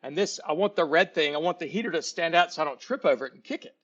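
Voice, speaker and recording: A man's voice: fairly high pitch, fast, a bit bright. A man playing a chatty female shopper who hesitates and frets over prices, in a slightly muffled recording. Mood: chatty, fretful. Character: fussy budget-minded female shopper.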